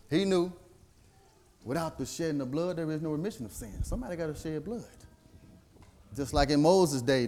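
A man preaching a sermon, quoting scripture by chapter and verse and rising to near-sung emotional peaks. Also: on the high side.

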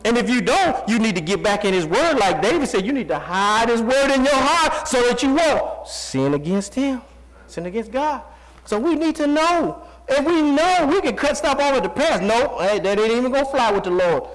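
A man's voice: very high-pitched, expressive, moderate pace. A man in his forties preaching a sermon in a folksy, conversational way, asking the congregation rhetorical questions. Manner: rhetorical call-and-response questions. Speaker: pastor.

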